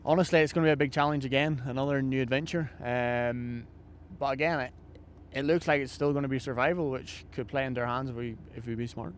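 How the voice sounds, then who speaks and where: A man talking quickly as a rally driver, measured and reflective in what he says. His voice is mid-pitched, with faint ambient noise behind. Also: steady tone. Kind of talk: interview answers.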